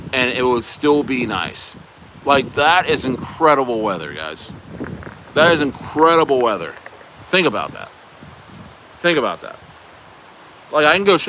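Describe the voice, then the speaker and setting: Young male streamer, loose rambling chat, mid pitch, outdoor take with heavy wind. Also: poor audio. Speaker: livestream host. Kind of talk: casual livestream chat. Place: outdoors at a beach. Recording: loud outdoor wind noise.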